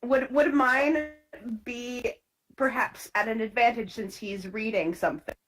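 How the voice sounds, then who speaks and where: A woman playing a tabletop game, eager and quick to ask the game master questions. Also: on the high side, fairly bright tone, a little hiss or hum, low-quality recording. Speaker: player. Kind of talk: casual tabletop play.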